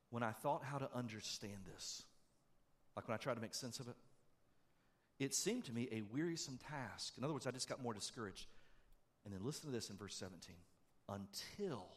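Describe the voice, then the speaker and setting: A middle-aged male pastor preaching a sermon, animated and conversational, swinging from loud, quick bursts to low, hushed stretches.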